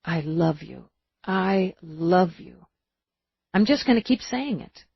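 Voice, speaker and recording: A woman's voice: medium pitch, very animated, measured pace, breathy edge, no echo, pitched above the performer's own voice. A woman narrator voicing a blunt, tough woman police lieutenant who talks curtly but turns tender, in a dull, dry recording.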